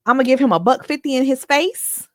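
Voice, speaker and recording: A woman's voice: high-pitched, lively intonation, fairly quick, no room sound, studio quality. A woman vlogger gives casual reaction commentary, talking back to the clip with sassy asides.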